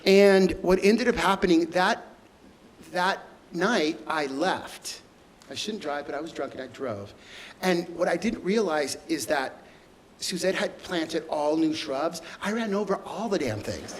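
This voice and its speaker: A middle-aged man telling emotional stories as a guest onstage, halting and stumbling over repeated words. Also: on the high side, expressive, a little hiss or hum, rough recording. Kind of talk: emotional storytelling conversation.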